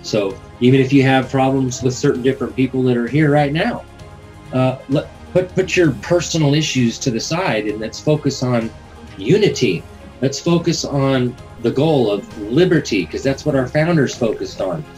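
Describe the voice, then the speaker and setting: A man's voice: mid-range voice, normal speed, darkish tone, faint music behind, low-quality recording. A man hosting a call-in talk show, talking in a rambling, earnest, preachy way.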